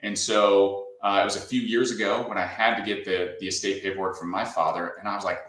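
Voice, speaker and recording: A man's voice: fairly low pitch, little pitch movement, fairly quick, hardly any pauses, a bit bright, reverberant, rough recording. A man from Southern California, a company founder talking as a guest in a casual interview, telling stories and often adding "right?". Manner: storytelling, often tags lines with "right?".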